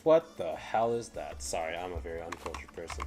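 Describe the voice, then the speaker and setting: A man's voice: sits low, lively intonation, brisk, hardly any pauses. A man reading fanfiction aloud on a stream and commenting in a rambling way, often stopping and repeating words. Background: faint background music.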